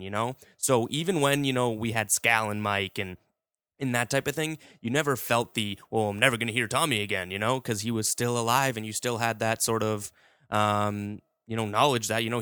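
A man's voice: mid-range voice, a bit bright, clear, resonant tone, dry recording, studio quality. A man hosting a podcast, talking in a rambling, heartfelt way with many fillers. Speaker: podcast host. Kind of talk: casual podcast monologue.

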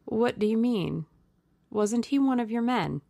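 A young English gentleman drawls his words, then snaps them out urgently when alarmed, as a woman reads him. The voice is gravelly and rises noticeably in pitch. It sounds dry and close, with no room around it. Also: lively intonation, a little slow, no room sound. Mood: startled. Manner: languid, turning sharp and urgent.

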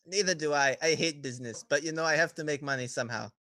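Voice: medium pitch, quick pace, pushed and bright, lightly acted. A game master voicing a smug, scheming male merchant who keeps saying "you know" and hates confrontation. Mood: wheedling. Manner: glib, wheedling, peppered with "you know".

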